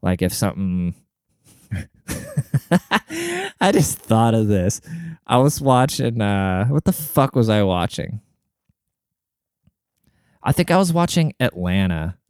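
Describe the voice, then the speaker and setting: A man's voice: medium pitch, a little mellow, smooth, dry recording, clean studio sound. A young man reacting to advice posts in casual, crude, rambling commentary with many fillers.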